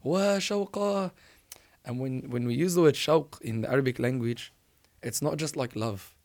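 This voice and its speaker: In a medium-pitched voice at a moderate pace, a man preaches with animated emphasis, recounting a religious story and repeatedly restarting sentences.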